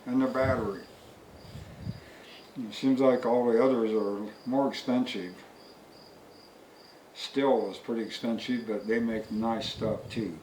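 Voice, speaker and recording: Man, product reviewer, folksy storyteller, mid pitch, distant from the mic, echoey, faint crickets behind. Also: slight background noise. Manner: folksy, long-winded. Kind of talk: rambling storytelling. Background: faint crickets and insects.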